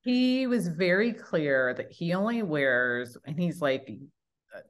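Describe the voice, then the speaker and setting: A woman co-hosting a casual chat show, telling an animated, laughing story and acting out both sides of it with plenty of swearing. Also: fairly low pitch, slow. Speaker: podcast co-host.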